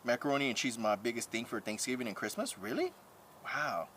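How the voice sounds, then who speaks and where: A man's voice: mid-range voice, very animated, fairly bright tone, slight background noise. A man live-streaming casual chat, talking frankly and profanely, rambling with lots of fillers while answering viewers. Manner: drawn-out filler-heavy talk.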